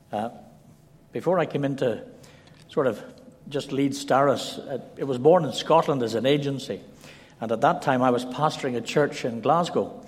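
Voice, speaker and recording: A man giving a sermon as a visiting preacher, telling stories in a measured way and reading scripture aloud. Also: medium pitch. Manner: measured, storytelling delivery. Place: church. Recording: long reverb in a large hall.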